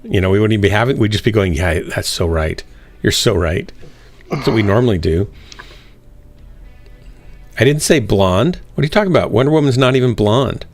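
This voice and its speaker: A man's voice: fairly low pitch, expressive, quick pace, long pauses, soft background music. A man streaming a mech game, joking and teasing his teammates in casual chat.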